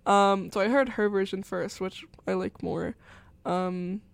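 A woman's voice: mid-range voice, fairly even intonation, a little slow, creaky, dry recording. A young woman hosting a college radio show, chatting in a rambling, giggly way full of fillers. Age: young adult. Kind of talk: casual chat.

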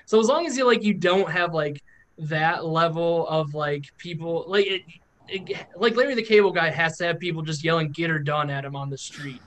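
A man with a slightly higher voice hosting a casual podcast. He rambles and circles back on himself, leaning heavily on filler words as he tells stories. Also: moderate pace, a bit bright. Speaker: podcast host.

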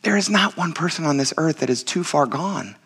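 Bright, earnest man preaching a sermon. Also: a little high, expressive, brisk, husky. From United States. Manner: earnest and conversational, often calling the congregation "you guys". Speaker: pastor.

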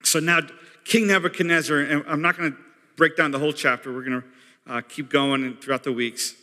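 A man preaching a sermon as pastor, in a conversational, animated storytelling way. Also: a little high, fairly quick. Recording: long hall reverb.

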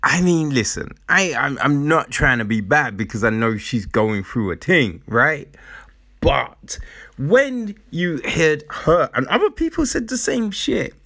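A man giving casual ranting commentary, profane and incredulous, with drawn-out emphasis. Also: a little high, animated, sharp tone.

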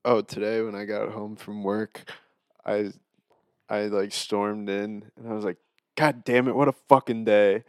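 A young man co-hosting a podcast, telling stories to friends in a lively way with plenty of swearing. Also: lowish voice, unhurried, clear, resonant tone, no echo. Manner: animated storytelling, swearing. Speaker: podcast co-host. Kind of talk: casual chat among friends.

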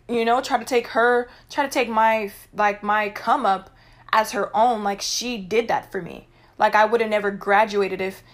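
A young woman with a fairly high voice vents on her vlog. She tells a personal story in an animated, emphatic way, pressing hard on her words. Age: young adult. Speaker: vlogger.

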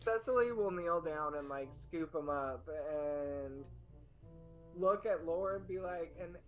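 A woman playing a tabletop game, calmly describing what her character does. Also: low voice, measured pace, over music, low-quality recording. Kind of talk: casual tabletop game chat.

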